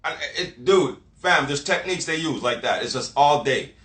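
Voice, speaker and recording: A man's voice: on the high side, animated, normal speed, fairly bright tone. A man delivering a blunt motivational rant full of swearing and street slang, lecturing the listener directly. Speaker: motivational vlogger. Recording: echoey room.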